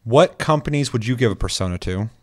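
A man's voice: mid-range voice, fast talker. A man hosting a casual gaming podcast, swearing freely and slipping into joking voices for quoted lines. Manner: profane, animated, jokey voices for quotes. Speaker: podcast host.

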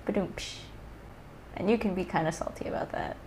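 A woman's voice: lowish voice, very fast, darkish tone, a little hiss or hum, rough recording. A woman co-hosting a podcast in casual chat, teasing and playfully self-assured. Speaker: podcast co-host.

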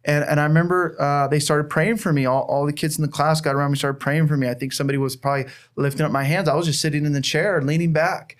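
A man's voice: on the high side, steady tone, fast talker, few pauses. Earnest man sharing a heartfelt testimony. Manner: earnest, heartfelt storytelling with frequent restarts. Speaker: church planter. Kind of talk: personal testimony in a conversation.

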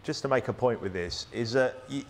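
A man's voice: medium pitch, normal speed. Chatty British man preaching a sermon. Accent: British English. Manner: conversational, rambling with many restarts and tag questions. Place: church. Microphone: plugged-in microphone.

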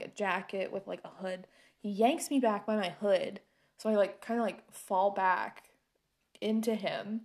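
A young woman talks slowly through a casual storytime, her voice sitting a little high. She is sarcastic and laughs often, with "like" dropped all through her sentences. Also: mellow.

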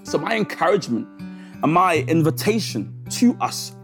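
A man delivers a sermon with a high, swooping voice. He tells a story with many restarts and acts out each voice in it. Faint music plays softly behind him. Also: big pitch swings, normal speed. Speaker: preacher.

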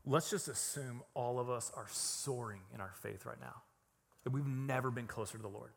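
A man preaching a sermon in a casual, emphatic way, swinging from hushed reflection to loud, raised passages. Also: medium pitch, moderate pace, vocal fry, in a large hall. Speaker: pastor.

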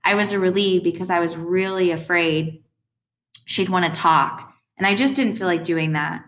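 A woman reads an audiobook aloud in a measured, gentle way. Her voice sits a little low and moves at a steady storytelling pace. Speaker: audiobook narrator. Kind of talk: scripted narration.

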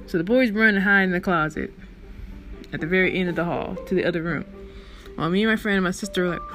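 A woman's voice: fairly low pitch, fast talker, over music. Chatty woman telling a story. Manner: chatty, rambling, animated in recounting. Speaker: storyteller host. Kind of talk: casual spoken storytelling.

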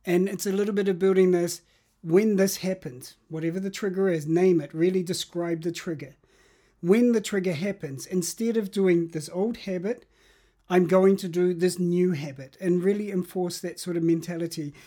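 A man speaks in a somewhat raised but warm, mellow tone as an interview guest. He explains ideas step by step, circling back and restarting phrases as he thinks aloud. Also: sits high, normal speed. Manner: reflective, explaining with examples and restarts. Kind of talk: interview about habits.

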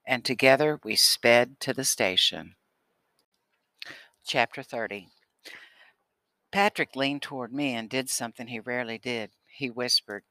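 A man narrating an audiobook in a steady storytelling manner. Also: mid-range voice, measured pace, long pauses, dry recording. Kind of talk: scripted narration.

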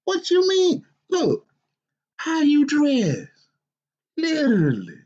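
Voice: high-pitched, huge pitch swings, slow, a little mellow, lo-fi sound, full character voice. A performer playing a stern, hardworking father who scolds his grown son with sarcasm in a comedy skit. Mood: mocking. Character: stern middle-aged working father.

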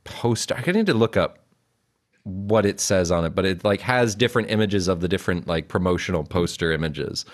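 A man's voice: sits low, animated, fairly quick. A young man co-hosting a casual film commentary chat, rambling with lots of fillers and frequent giggles. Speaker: podcast co-host.

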